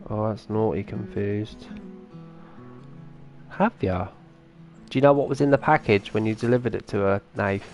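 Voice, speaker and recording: A man's voice: on the low side, moderate pace, pauses often, a little mellow, faint music behind. A man streaming a farming game, chatting casually and answering his viewers' comments as he plays. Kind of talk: casual live-stream chat.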